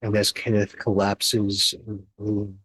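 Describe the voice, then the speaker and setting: Man, game master, low husky voice, slow grim narration, dry close sound. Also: monotone, fairly bright tone, no echo. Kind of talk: narrating a tabletop horror game.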